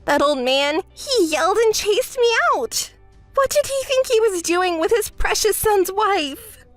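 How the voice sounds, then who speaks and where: A woman voicing a spoiled, entitled young woman who whines and shouts shrilly. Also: very high-pitched, animated, measured pace, dry recording, faint music behind, voice pushed up. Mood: indignant.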